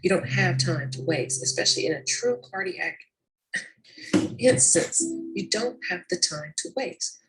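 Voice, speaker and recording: A woman's voice: lowish voice, expressive, a little slow, over loud music, low-quality recording. Blunt, matter-of-fact woman telling a work story. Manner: blunt, matter-of-fact, calls people honey and girl. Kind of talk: casual storytelling to camera.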